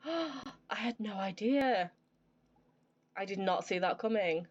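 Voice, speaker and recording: A woman's voice: mid-range voice, slow, lo-fi sound. A woman streaming a video game live, reacting expressively to the story and chatting with her audience. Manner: expressive, reacting aloud, slips into baby talk with her pet. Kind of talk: live gameplay commentary.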